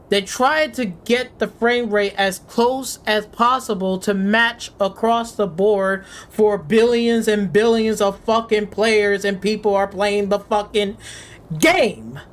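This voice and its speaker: Speaking slowly in a mid-range voice, a game streamer gives casual live commentary that turns into a rant. He's profane and sarcastic, fakes panic, and keeps repeating words.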